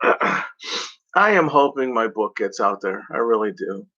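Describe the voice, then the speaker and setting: A man's voice: on the low side, a little slow, bright, forceful tone. A man in a rambling, profane vlog rant, talking casually at home in front of a blanket. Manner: rambling, profane, mock-voices other drivers. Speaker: vlogger. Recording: dull lo-fi home recording.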